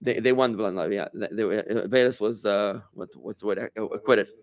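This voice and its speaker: A man's voice: lowish voice, a little fast. A man, a rabbi, giving an informal class to a small group in a room, talking casually and quizzing his listeners as he goes. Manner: conversational, asks the room questions, many restarts.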